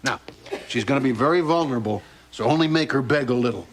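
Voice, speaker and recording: A man's voice: mid-range voice, quick pace, slight background noise, lightly acted. An actor playing a crude, bitter middle-aged father in a sitcom, talking in a sardonic, scoffing way. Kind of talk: sitcom acting. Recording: sitcom audio with loud studio laughter. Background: audience laughter.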